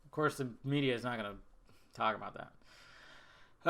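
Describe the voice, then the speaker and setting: A man hosting a podcast, answering viewer questions in a casual live chat with profane, animated rants. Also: mid-range voice, a little slow, long pauses. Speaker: podcast host.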